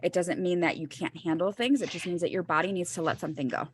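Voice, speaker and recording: A woman's voice: fairly low pitch, fast talker. A woman in her thirties co-hosting a casual podcast, a mother speaking earnestly and reassuringly, with casual swearing. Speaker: podcast co-host. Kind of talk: casual chat.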